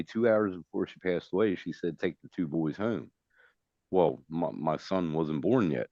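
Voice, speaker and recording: A man's voice: low voice, normal speed, no room sound, dull audio. A man hosting a casual talk show, speaking loosely and swearing as he shares a family story. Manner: loose, swears, lively when quoting. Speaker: host. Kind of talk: casual chat.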